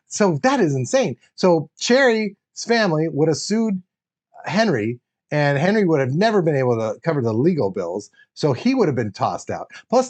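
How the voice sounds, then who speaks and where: A man chatting on a casual livestream, rambling and excitable, often breaking into laughter. His voice sits a little high and swings up and down a lot. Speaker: livestream host. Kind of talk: casual chat while building a toy set.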